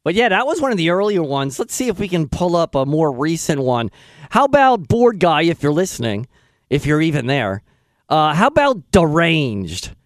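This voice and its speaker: An excitable radio host man with a high, lively voice that swings all over. He talks in a self-deprecating way, dry and close to the mic. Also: normal speed, no echo. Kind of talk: casual radio chat.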